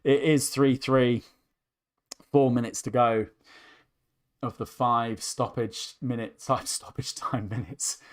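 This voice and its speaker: A young man hosting a live football watchalong, commentating with rising excitement as his voice starts to go hoarse. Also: mid-range voice, takes it slowly, pauses often. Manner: excitable, voice climbs sharply with the action. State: voice going hoarse. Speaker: host.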